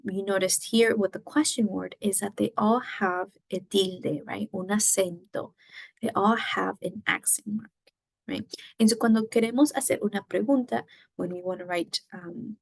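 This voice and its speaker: Woman teaching spanish, bit of fry in her voice, keeps saying right?, dry sound. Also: medium pitch, no room sound. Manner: explains in mixed English and Spanish, checks understanding with "right?"; frequent fillers and restarts. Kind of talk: recorded lesson.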